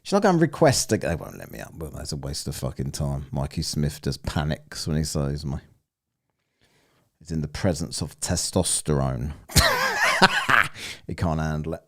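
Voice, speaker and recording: Brief: low-voiced streamer, sneering and crude, pitch swinging all over. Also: male voice, huge pitch swings, unhurried, long pauses, bright, forceful tone. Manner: mocking, profane, laughing commentary. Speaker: streamer reacting to a debate. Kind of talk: casual live-stream commentary.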